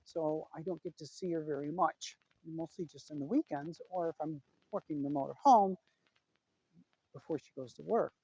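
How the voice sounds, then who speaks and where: A woman's voice: sits low, moderate pace, mellow, husky, no room sound, lo-fi sound. A middle-aged woman vlogging a casual personal update, chatty and retelling a conversation with lots of "he goes".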